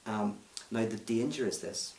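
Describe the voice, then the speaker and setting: Recorded from a distance in a roomy space, this interview guest from Northern Ireland, an author and speaker, has a low, gravelly, darkish voice and speaks a little slowly. He recounts a story while pressing an emphatic, challenging argument.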